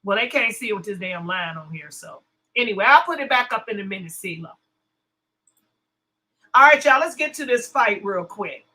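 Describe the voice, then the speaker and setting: A woman's voice: medium pitch, lively intonation, moderate pace, long pauses, sharp tone, poor audio. A woman hosting a casual commentary livestream, blunt and cussing, her voice strained from a sore throat. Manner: blunt, cussing, chatty, greets viewers. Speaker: livestream host.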